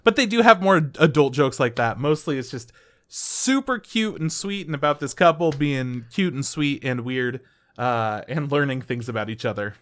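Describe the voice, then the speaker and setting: A man's voice: medium pitch, animated, moderate pace, fairly bright tone. A man co-hosting an anime podcast, recapping episodes in enthusiastic casual chat with fillers. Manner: enthusiastic recapping, frequent "like" and swearing. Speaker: podcast co-host.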